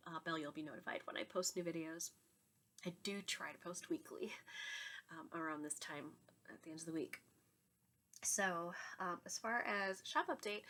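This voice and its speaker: With yarn shelves behind her at home, a knitting podcast host and yarn dyer in her thirties chats casually to camera. Her lowish, slightly bright voice is congested and nasal from a cold, and she's talkative, laughing often.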